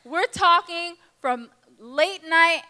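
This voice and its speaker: A young woman speaking at a girls' conference, telling a lively personal story and acting out the people in it. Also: very high-pitched, slow. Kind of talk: testimony talk to a youth audience. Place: large conference hall. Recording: reverberant hall.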